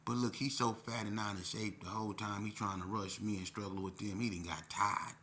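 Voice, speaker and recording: A man telling a personal story in a casual, animated way, with lots of profanity. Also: fairly low pitch, brisk, slight background noise.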